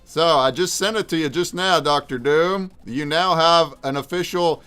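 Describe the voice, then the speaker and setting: A man's voice: on the high side, moderate pace, few pauses, a bit bright, clean tone, soft background music. A man hosting a livestream in casual chat, hyped and calling out viewers by name. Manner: hyped, calls out chatters by name. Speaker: livestream host.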